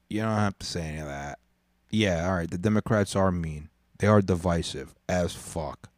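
A man's voice: sits low, normal speed, a little mellow, no echo, clean studio sound. A man hosting a podcast, ranting in a rambling, profane way and stumbling over his words. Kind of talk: casual rant.

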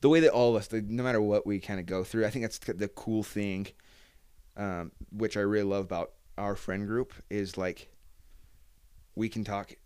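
A man's voice: fairly low pitch, steady tone, normal speed, darkish tone, clean tone. A young man hosting a casual chat with a friend, telling long stories full of fillers and acted-out quotes. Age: young adult. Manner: rambling storyteller with many fillers and acted-out quotes. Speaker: podcast host.

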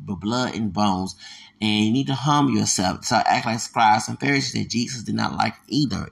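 A man's voice: medium pitch, creaky, a bit bright. A man talking alone on his podcast, ranting in a heated, rambling and emphatic way. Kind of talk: solo podcast rant.

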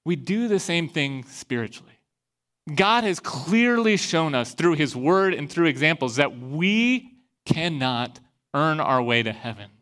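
A pastor from Iowa, a man giving a sermon and telling a personal story in a lively way, acting out the voices he quotes. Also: a little high, measured pace. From Iowa, USA.

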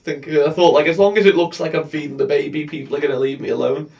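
Man, high voice, laughing storyteller, a bit off-mic. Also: fairly even intonation, fast, a little mellow, recorded from a distance. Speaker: podcast co-host. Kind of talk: casual chat.

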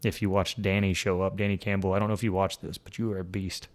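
Low-voiced man hosting a casual podcast. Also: level tone, fast talker. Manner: playful, teasing, laughs often. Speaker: podcast host. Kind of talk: casual chat.

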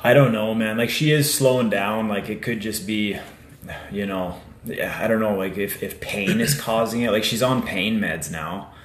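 A man's voice: on the low side, moderate pace, reverberant, slight background noise. A man co-hosting a podcast, chatting casually and laid-back, full of fillers and swearing. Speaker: podcast co-host. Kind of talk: casual chat.

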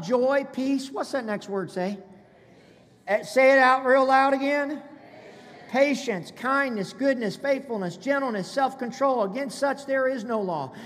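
A man's voice: extremely high pitch, fairly bright tone. A man preaching a sermon as pastor, conversational and calling on the congregation to respond. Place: church sanctuary. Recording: long reverb of a large hall.

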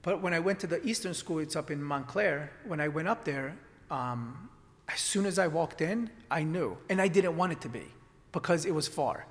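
A man's voice: a little high, lively intonation, moderate pace, long reverb tail. A man telling his story in a casual conversation, rambling with lots of restarts and fillers. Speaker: acupuncturist guest.

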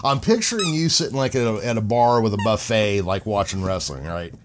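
A man's voice: on the low side, expressive, fairly quick, background noise. A man hosting a podcast, chatting casually, joking and swearing. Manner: joking, profane. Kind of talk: casual chat.

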